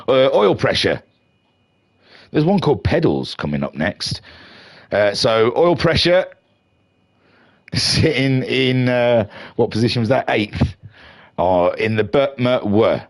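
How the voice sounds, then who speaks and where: A man giving playful, jokey live commentary on a sim racing league from home. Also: medium pitch. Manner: playful, jokey, builds to excited shouting at the start. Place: home room.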